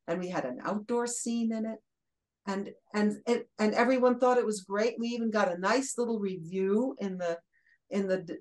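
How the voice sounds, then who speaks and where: An older woman from Brooklyn, guest on a chat show, tells stories with relish. She laughs between phrases, acts out the lines people said, and lets the tale run on in a steady, mid-range voice. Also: mid-range voice, low-quality recording. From Brooklyn, USA. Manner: lively anecdotal storyteller who laughs mid-sentence and acts out quotes. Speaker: guest, former children's TV host. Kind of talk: casual storytelling interview.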